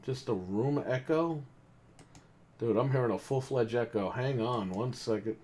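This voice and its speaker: A man's voice: medium pitch, measured pace, darkish tone. A man co-hosting a gaming podcast, ranting casually, in a heated and profane way. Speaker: podcast co-host. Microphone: desk microphone.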